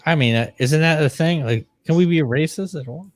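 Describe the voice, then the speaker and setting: A man's voice: fairly high pitch, a little fast, no room sound. Joking man, dry close sound. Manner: joking, profane, laughs a lot. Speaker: podcast co-host. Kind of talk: casual crude banter.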